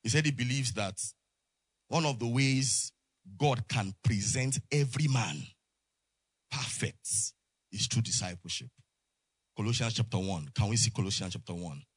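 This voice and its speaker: A man preaching in church with a call-and-response style, often stopping to ask the congregation for an amen. His voice sits at a middle pitch. The sound is dry and close, with little room echo. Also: moderate pace, long pauses. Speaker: pastor. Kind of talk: sermon.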